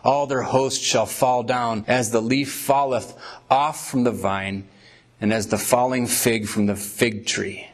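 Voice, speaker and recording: A male preacher in the middle of a sermon, reading scripture aloud and unpacking it in vivid detail. He speaks emphatically, stretching out key words, and his voice sits at an ordinary middle pitch. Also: steady tone, takes it slowly.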